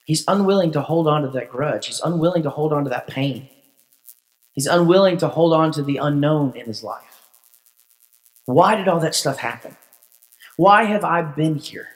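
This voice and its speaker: Brief: pastor, man, conversational storytelling sermon, playful, reverberant church hall. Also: on the high side. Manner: informal, joking, acts out characters.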